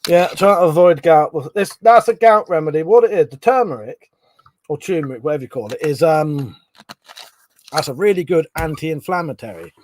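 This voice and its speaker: A man's voice: on the high side, expressive, normal speed, darkish tone, a little hiss or hum. A middle-aged man hosting a casual live stream, swearing freely, laughing often and chatting about viewers' comments.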